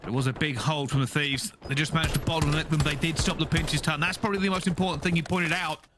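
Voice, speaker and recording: A man doing animated color commentary on an esports match, laughing and drawing words out for emphasis. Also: on the high side, fast, background noise. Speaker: esports analyst caster. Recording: clear game gunfire behind.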